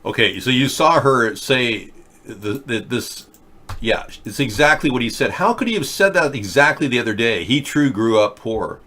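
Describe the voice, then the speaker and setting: A man's voice: mid-range voice, expressive, normal speed, bright, forceful tone, a little hiss or hum. A man hosting a political talk show, chatting casually and thinking aloud with plenty of fillers and restarts. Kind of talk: rambling casual commentary. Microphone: webcam or desk mic for a video chat.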